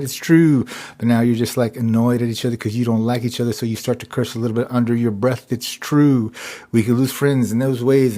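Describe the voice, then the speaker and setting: A man's voice: mid-range voice, a little mellow. A man hosting a live stream, talking in a rambling, repetitive monologue that keeps circling back to "it's true.". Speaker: livestream host.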